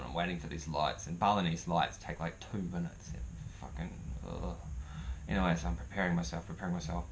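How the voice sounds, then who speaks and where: Low-voiced New man telling a story. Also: a little hiss or hum. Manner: rambling, profane, animated. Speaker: vlogger. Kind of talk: casual storytelling.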